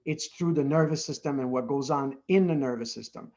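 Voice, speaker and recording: A man's voice: mid-range voice, a little fast, a little mellow, dull audio. A man being interviewed as the founder of an addiction treatment center, explaining earnestly and often checking in with "right?".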